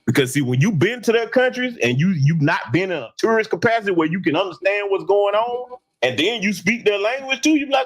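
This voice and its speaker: High, lively-voiced man, heated commentary. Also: brisk. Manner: emphatic, taunting, loud. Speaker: host.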